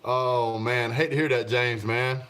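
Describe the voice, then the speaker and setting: A man's voice: mid-range voice, fairly even intonation, a little slow, fairly bright tone, slight background noise. Chatty man hosting a live chat. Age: adult, father of young children. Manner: chatty, laughs often, talks back to the chat. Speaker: live stream host reading viewer comments.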